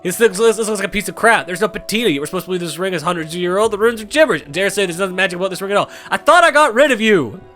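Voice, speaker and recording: A man's voice: high-pitched, expressive, rapid-fire, hardly any pauses, bright, forceful tone, soft background music. A man playing a sneering rival. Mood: scornful. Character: sneering male rival calling out a fake.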